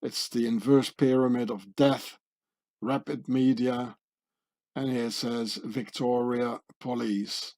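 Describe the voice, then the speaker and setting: Slow, dark-voiced man with sardonic asides. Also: mid-range voice, steady tone. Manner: sardonic, conspiratorial asides with tag questions. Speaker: channel host. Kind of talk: screen-share commentary.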